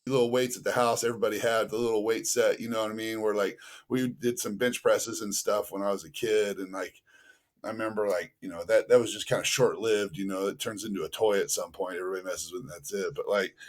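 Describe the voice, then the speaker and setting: A man's voice: fairly low pitch, steady tone, quick pace. A man telling a story as a podcast guest in a loose, rambling way, full of fillers. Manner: acts out other people's voices in his stories. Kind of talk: casual storytelling.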